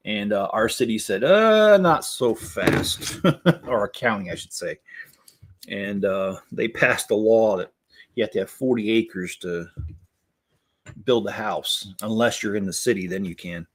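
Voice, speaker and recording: A man's voice: fairly low pitch, fairly even intonation, moderate pace, breathy edge. A man hosting a casual livestream while building Lego. He rambles with plenty of fillers and keeps breaking into laughter.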